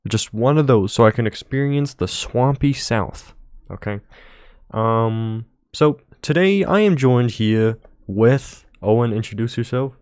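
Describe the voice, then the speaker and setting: A man's voice: medium pitch, lively intonation, unhurried, a little mellow, clean tone, no echo, clean studio sound. A man hosting a casual podcast chat in a joking way, tossing in the word "bloody" a lot. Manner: jokey, keeps saying "bloody". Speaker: podcast host.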